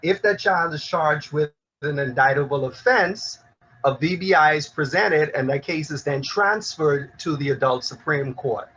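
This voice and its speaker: A man speaking as a panelist in a discussion, in a measured, formal way. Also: fairly high pitch, fairly bright tone, muffled recording, slight background noise. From Bahamas.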